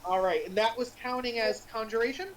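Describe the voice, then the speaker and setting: A woman's voice: fairly high pitch, brisk, far from the mic, a little hiss or hum, low-quality recording. A woman narrating as dungeon master over a voice call, casual and full of fillers. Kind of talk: narrating a tabletop game.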